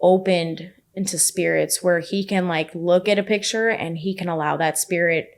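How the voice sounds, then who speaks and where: A woman's voice: lowish voice, fairly even intonation, moderate pace. A young woman guest on a podcast, telling a personal story casually, with lots of "like" fillers. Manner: heavy use of "like" as filler.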